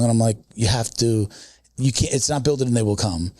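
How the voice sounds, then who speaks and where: A man's voice: mid-range voice, fairly quick, mellow, dry recording. Male podcast host, rambling and easygoing, dry studio sound. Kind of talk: casual podcast chat.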